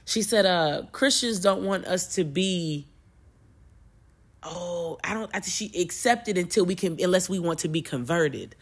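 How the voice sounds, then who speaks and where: A young adult woman hosting a podcast, talking casually about faith in an emotional, animated way, often repeating and restarting her words. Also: fairly low pitch, measured pace, slightly rough. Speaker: podcast host and preacher. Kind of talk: casual spiritual talk.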